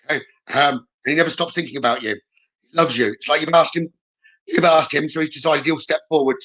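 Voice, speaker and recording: A man giving a live psychic reading at a rapid pace. His voice is bright and sits slightly high. He relays messages in a steady, reassuring way and keeps checking in with his listener. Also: low-quality recording. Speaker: psychic medium. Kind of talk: live-streamed spirit reading.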